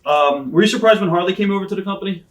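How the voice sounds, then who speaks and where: Fast-talking male interviewer. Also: sits high. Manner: short acknowledgements and quick questions. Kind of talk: interview questions.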